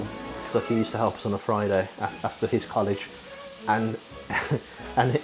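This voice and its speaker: A man's voice: fairly low pitch, steady tone, normal speed, low-quality recording. A young man, chatting casually and rambling as he cooks in his home kitchen, swearing now and then. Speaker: vlogger. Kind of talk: casual cooking vlog. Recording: music playing behind. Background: frying sizzle and music.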